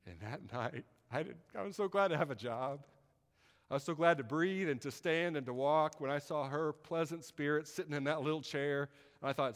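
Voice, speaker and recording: A man's voice: mid-range voice, moderate pace, big-room sound. A man preaching a sermon in a folksy, conversational way, often asking his listeners "right?".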